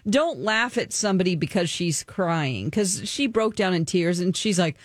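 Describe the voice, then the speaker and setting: A woman's voice: lowish voice, expressive, moderate pace, hardly any pauses, dry recording, studio quality. A woman co-hosting a casual TV chat, blunt and opinionated with an exasperated edge. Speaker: co-host.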